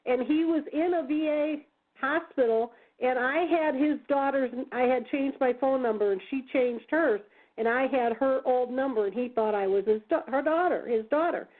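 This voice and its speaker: Radio host woman, high voice, earnest, phone-line sound. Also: normal speed. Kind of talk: casual talk radio.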